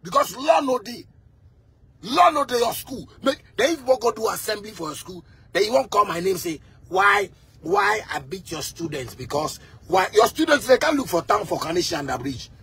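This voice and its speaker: Ghanaian guy ranting hot, high voice, keeps repeating, yells a lot. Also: big pitch swings, moderate pace, gravelly, husky. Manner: fiery, repeats himself, bursts into shouting. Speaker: musician. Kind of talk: heated rant.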